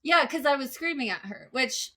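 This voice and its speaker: A woman's voice: high-pitched, lively intonation, moderate pace, pushed and bright. A young woman guest on a podcast, candidly telling a story about a relationship, with many "like" fillers and laughs mixed in.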